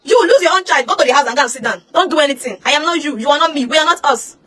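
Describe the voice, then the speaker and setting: A woman's voice: sits high, very fast, pushed and bright. A young Nigerian woman with a Nigerian accent, ranting heatedly online, scolding with rhetorical questions. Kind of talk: emotional social media rant.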